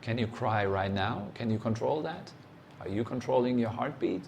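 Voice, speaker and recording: A man giving a meditation talk as a teacher, speaking in short, unhurried phrases and putting direct, challenging questions to the listener. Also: medium pitch, lively intonation, creaky, a little mellow, a little hiss or hum.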